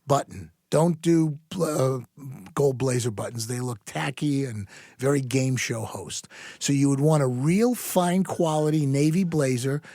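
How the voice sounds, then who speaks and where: Older New man, gruff wisecracker, mid-pitched, dry close sound. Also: unhurried, dark tone, no echo. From New York, US. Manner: wisecracking, gruff, swears casually. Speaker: guest, father of the host. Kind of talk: casual chat.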